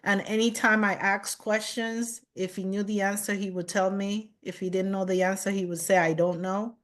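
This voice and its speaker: Woman guest, reflective storyteller, unhurried measured delivery, mid register. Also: mid-range voice, level tone. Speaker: chef and guest.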